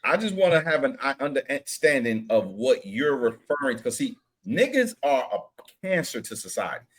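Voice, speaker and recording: A man on a panel call making his point in an articulate, measured, questioning way. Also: mid-range voice, sing-song, fairly bright tone. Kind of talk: panel debate.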